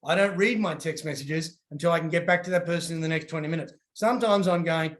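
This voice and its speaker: A man's voice: a little high, fast talker, few pauses. A man giving casual coaching advice and acting out little voices as he tells stories. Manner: animated, acts out voices in his stories.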